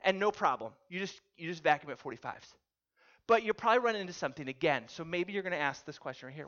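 A man's voice: fairly high pitch, fast talker, muffled recording. Storytelling preacher quizzing his audience. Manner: animated storytelling, asks the audience questions. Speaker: pastor. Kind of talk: sermon.

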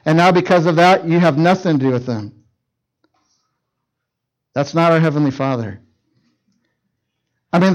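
Middle-aged male youth preacher, high-pitched, animated storyteller. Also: low-quality recording. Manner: animated storytelling, acting out quoted lines. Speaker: youth pastor. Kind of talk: sermon.

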